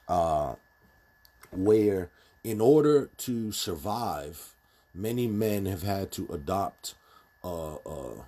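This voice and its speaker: A man's voice: low-pitched, a little mellow, slightly rough. A man giving a casual, blunt spoken commentary, emphatic and full of restarts. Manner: emphatic, many fillers and restarts, speaks bluntly.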